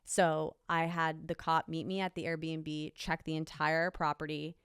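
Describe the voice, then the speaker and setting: A woman's voice: low-pitched, level tone, measured pace, clear, resonant tone, no room sound, clean studio sound. A young woman, an interview guest, emphatically retelling a personal story and quoting what people said. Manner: emotional, emphatic retelling with quoted dialogue.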